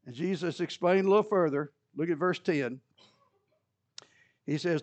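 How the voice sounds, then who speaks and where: A male pastor preaching an animated sermon, mixing scripture explanation with humorous asides. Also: on the high side, moderate pace, long pauses, no echo, lo-fi sound.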